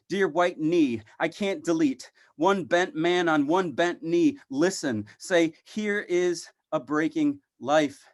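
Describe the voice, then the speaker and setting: Male poet, slightly high voice, reading his own work in short clipped lines with refrain-like repetition. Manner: halting, clipped phrases with long pauses; repeats words like a refrain. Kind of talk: poetry reading.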